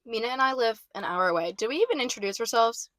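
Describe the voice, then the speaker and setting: A woman's voice: fairly high pitch, fast, fairly bright tone, no echo. A young woman co-hosting a casual podcast chat, talking loosely with many "like" fillers. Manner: chatty, frequent "like" fillers. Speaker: podcast co-host.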